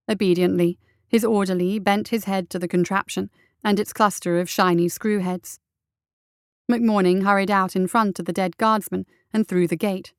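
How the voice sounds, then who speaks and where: A woman narrating a story in a measured, even storytelling manner. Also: mid-range voice, clear, resonant tone, no room sound, clean studio sound. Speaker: audiobook narrator. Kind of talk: scripted narration.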